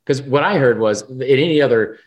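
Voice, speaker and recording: A man co-hosting a sports podcast, talking in a rambling, animated, profane way. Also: medium pitch, brisk. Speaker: podcast co-host. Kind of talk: casual sports chat.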